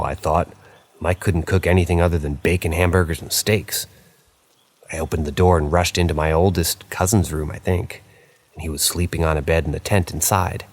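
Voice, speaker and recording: A man with a very deep voice reading horror stories aloud. His delivery is casual and conversational, and he sometimes breaks in with offhand asides. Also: fairly even intonation, normal speed, darkish tone, dry recording. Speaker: narrator.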